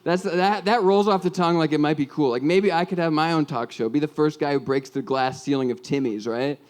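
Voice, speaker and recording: A man's voice: a little high, a little fast. Rambling young man doing stand-up. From Minnesota, USA. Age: 20s. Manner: rambling, self-deprecating, lots of "like" and "um". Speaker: stand-up comedian. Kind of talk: stand-up comedy set. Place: comedy club stage with audience.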